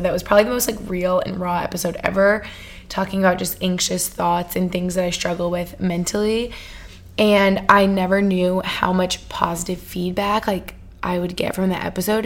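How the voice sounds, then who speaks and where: A woman's voice: mid-range voice, creaky. A young woman in her twenties hosting a casual solo podcast, chatty and gushing, with lots of fillers. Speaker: podcast host.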